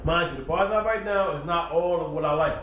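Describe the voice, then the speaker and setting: A man's voice: on the high side, fairly quick, highs cut off. A man giving a laid-back commentary recap, repeating his praise, at home by his computer. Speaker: battle rap reviewer. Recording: roomy echo, distant mic, faint background hum.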